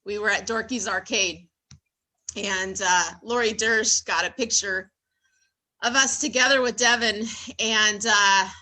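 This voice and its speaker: A middle-aged woman hosting an online support meeting on a video call, halting and tearful, telling a personal story. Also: medium pitch, fairly even intonation, sharp tone. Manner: laughing, teary, halting, repeats herself. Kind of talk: emotional welcome and personal story.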